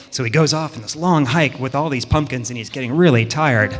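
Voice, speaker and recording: A man's voice: medium pitch, a little fast, faint music behind. Man telling a children's story in a church. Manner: playful, chatty with the children. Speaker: storyteller at a worship service. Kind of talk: children's story told to a congregation. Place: church sanctuary. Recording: long hall reverb in a sanctuary.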